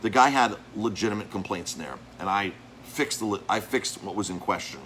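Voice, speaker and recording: A man's voice: lowish voice, expressive, a little fast, fairly bright tone, a little hiss or hum, poor audio. A man who owns a restaurant and cooks there, talking casually about reviews of his place, rambling with many restarts and repeated words. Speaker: restaurant owner and chef. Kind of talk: casual talk to camera.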